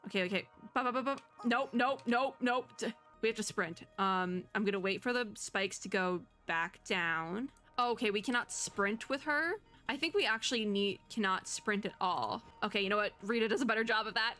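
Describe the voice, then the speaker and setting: A young woman gives casual gameplay commentary, chatty and thinking out loud as she reads the story text. Her voice is bright and forward, sitting at a medium pitch. Game music plays faintly underneath. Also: moderate pace. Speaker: VTuber gamer.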